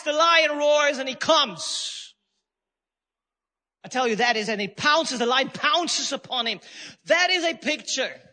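A male pastor preaching emphatically, hammering points home through repetition. His voice sits very high and sounds bright and forceful. It rings out with a long hall reverb. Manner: emphatic, repeats phrases for stress. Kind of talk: sermon.

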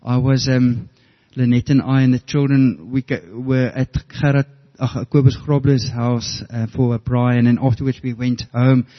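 A man's voice: mid-range voice, fairly even intonation, normal speed, hardly any pauses, muffled recording. A middle-aged man preaching a sermon, earnest and storytelling, often restarting his words. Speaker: pastor.

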